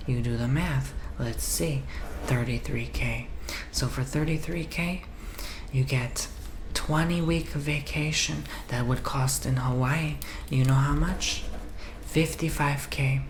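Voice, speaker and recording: A man's voice: mid-range voice, slow pace, echoey room, background noise. A man whispering in a role-play as a pushy, rude male timeshare salesman who presses hard for a sale. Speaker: ASMR role-player.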